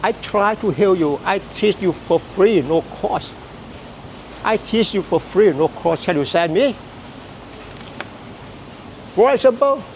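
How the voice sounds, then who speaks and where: High, gravelly man. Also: a little mellow, slight background noise, rough recording. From Thailand. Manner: repetitive, halting, emphatic phrasing. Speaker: Buddhist teacher. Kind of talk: dharma teaching.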